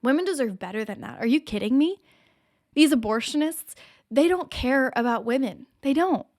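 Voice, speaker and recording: A woman's voice: high voice, animated, normal speed, a little mellow. A woman hosting her own show, delivering impassioned, emphatic opinion commentary straight to the viewer. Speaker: show host.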